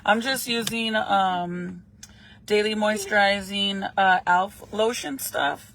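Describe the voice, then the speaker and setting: A woman's voice: medium pitch, fairly even intonation, slow pace, fairly bright tone, slight background noise. A young woman chatting casually while doing her makeup, swearing freely and laughing often. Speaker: vlogger.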